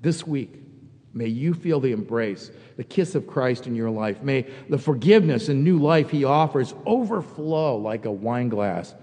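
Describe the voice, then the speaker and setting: A man preaching a sermon as pastor, reflective and quietly confessional, rising to emphatic peaks. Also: mid-range voice, expressive, a little slow, long reverb tail.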